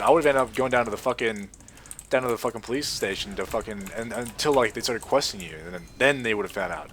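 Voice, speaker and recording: A young man talking in a loose, rambling way, with frequent swearing. He tells an anecdote and then talks over his own gameplay in a casual voice of ordinary pitch. Keyboard clicks sit behind him. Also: brisk, slight background noise. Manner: swears a lot, rambling and animated. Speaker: gaming video creator.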